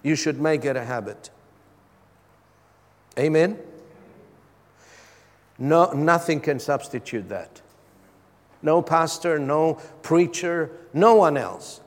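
High-voiced preaching man in a reverberant hall. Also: expressive, slow, pauses often. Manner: preaching with call-and-response asides. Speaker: pastor. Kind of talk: sermon.

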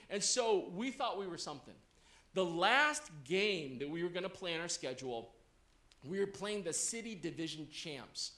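A man preaching a story-led sermon before a congregation, animated, often checking in with listeners. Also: high voice, roomy sound.

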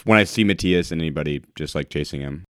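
A man with a very low voice playing a tabletop game, talking out his moves in an easygoing, rambling way. The recording is dry, with little room sound. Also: fast talker, a bit bright, no echo. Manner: casual, laid-back, filler-heavy. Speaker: player. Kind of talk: tabletop role-play chat.

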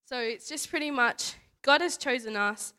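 A woman's voice: sits high, normal speed, pushed and bright, clear, resonant tone. Chatty young woman sharing a church testimony. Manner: chatty, full of "like" and "you know", laughs often. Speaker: youth speaker at church. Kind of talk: casual church testimony talk.

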